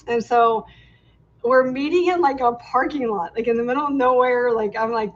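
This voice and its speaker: A woman who is a podcast guest, telling a story in a casual, animated way and acting out the dialogue. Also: on the high side, a little fast. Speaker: podcast guest, real estate agent. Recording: dull lo-fi sound with faint noise.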